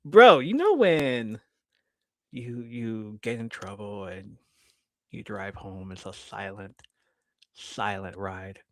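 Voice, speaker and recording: A man hosting a podcast, telling a story casually with loud bursts, hushed asides and free swearing. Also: on the low side, lively intonation, slow pace, long pauses, dry recording, studio quality. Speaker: podcast host. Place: live podcast studio.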